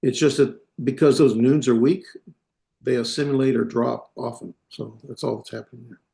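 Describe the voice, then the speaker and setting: A man teaching a class, talking in a halting way with many fillers and self-corrections. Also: medium pitch, steady tone, gravelly, warm tone. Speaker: instructor. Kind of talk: classroom lecture.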